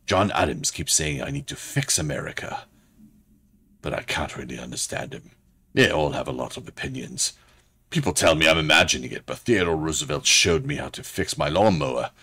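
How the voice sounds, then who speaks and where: A man's voice: very deep voice, big pitch swings, moderate pace, fairly bright tone, breathy edge, full character voice. A man voicing an eccentric letter writer with a put-on British accent, reading in an earnest, overly formal way. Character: eccentric man writing of presidential spirit guides.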